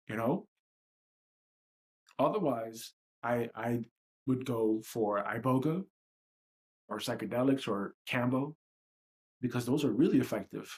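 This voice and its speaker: A man's voice: mid-range voice, darkish tone. Blunt, profane man musing on a livestream. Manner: blunt, profane and self-reflective. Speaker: livestream host. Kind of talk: candid livestream monologue.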